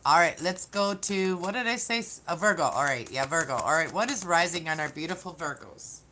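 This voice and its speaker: A woman's voice: lowish voice, expressive, a little fast, bright, forceful tone, slight background noise. A woman giving a casual live-streamed tarot reading, chatting to viewers and often restarting her sentences. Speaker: tarot reader.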